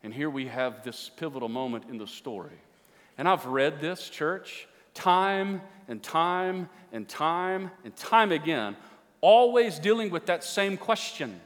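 A man preaching a sermon to a church congregation, emphatic and climbing to near-shouting on key points. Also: a little high, expressive, a little slow. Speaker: pastor. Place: church sanctuary with an audience. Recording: long hall reverb.

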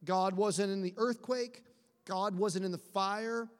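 Male pastor, high voice, conversational sermon, long hall reverb. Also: fairly even intonation, slow, smooth. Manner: conversational, acts out quotes with a whiny voice.

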